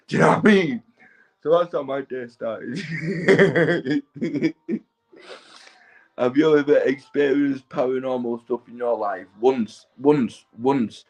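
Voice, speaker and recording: A young man in the middle of a loose, meandering tale, clearly high. His talk is sweary and casual, full of restarts and constant little asides to the listener. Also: slow, low-quality recording. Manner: sweary, keeps tagging "right?" and "mate". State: stoned. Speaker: vlogger. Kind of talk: rambling casual storytelling.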